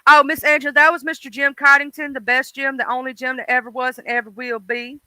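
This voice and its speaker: A man from Mississippi with a Deep South accent, rambling in folksy casual chat with his livestream viewers and greeting them by name. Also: flat delivery, fast talker, pushed and bright, clean tone, no room sound. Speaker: livestream host.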